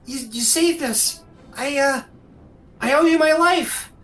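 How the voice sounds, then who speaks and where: A man voicing an excitable, grateful small child who talks in a squeaky, stammering rush. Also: slow, faint music behind, exaggerated voice. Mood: earnest.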